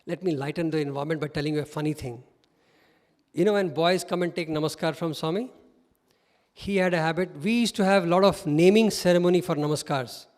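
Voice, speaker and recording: A middle-aged man with an Indian English accent tells stories as a guest speaker. He speaks in a high-pitched, animated voice and laughs often. The sound carries a long reverb, as if from a hall. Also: a little fast. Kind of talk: storytelling talk.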